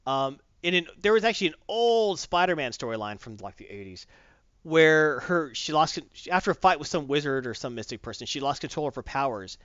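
Chatty guy talking comics, bouncy pitch, dry muffled mic. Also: fairly quick, clean tone, no room sound. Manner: rambling, animated, retells with voices. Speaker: podcast host. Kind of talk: casual comic review chat.

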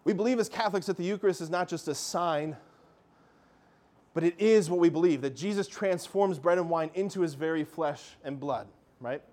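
A man giving a lively Catholic faith talk, telling miracle stories with animation and calling his listeners "guys". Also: on the high side, moderate pace. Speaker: Catholic speaker.

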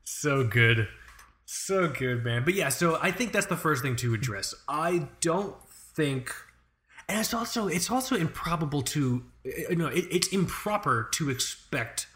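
A young man co-hosting a podcast, ranting in casual chat with lots of swearing. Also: medium pitch. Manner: profane, ranting, animated. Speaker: podcast co-host.

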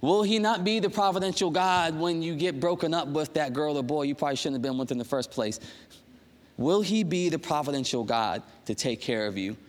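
A young male pastor with a high voice preaches a casual sermon in a church. He tells personal stories in a conversational, animated way and drops in quick asides. His voice rings through a reverberant church hall.

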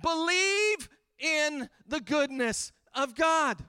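High, bright-voiced fervent man preaching. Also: animated, very slow. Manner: earnest, building fervor with repeated refrains. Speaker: pastor. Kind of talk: sermon. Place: church livestream during pandemic.

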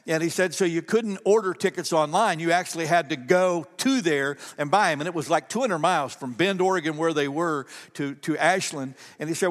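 A middle-aged male pastor with a high voice preaches in a church sanctuary, his words ringing in a long reverb. He tells a story with rising, excited swells and then sinks to a hushed close. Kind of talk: sermon.

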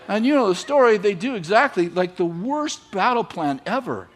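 Man, high voice, sermon, animated, playful character voices. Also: unhurried, slight background noise. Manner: animated, acts out biblical characters with voices and laughs. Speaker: preacher. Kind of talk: sermon storytelling.

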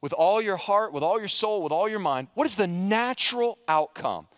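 A man's voice: sits high, animated, normal speed, a bit bright, no echo, clean studio sound. A male pastor preaching a sermon, telling stories with animation and putting questions to the congregation.

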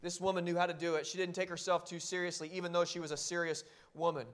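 A male pastor preaching a sermon in an earnest, exhorting way, often dropping to a near hush for emphasis. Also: sits high, little pitch movement, quick pace. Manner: earnest and exhorting, with sudden quiet drops.

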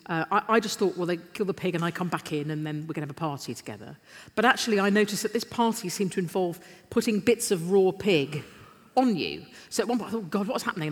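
A middle-aged woman, telling lively, self-deprecating anecdotes as a guest on a festival stage. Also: medium pitch. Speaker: interview guest. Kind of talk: live on-stage storytelling. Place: stage in a large literature festival hall. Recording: live hall with long reverb.

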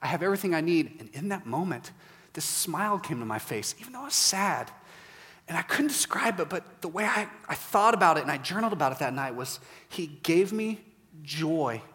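A man in his forties preaching a sermon, retelling a story with lively dialogue and then guiding quiet reflection. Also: on the high side, normal speed, slightly rough. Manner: animated storytelling, acts out dialogue, softens to quiet prayer prompts. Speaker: pastor. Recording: reverberant hall.

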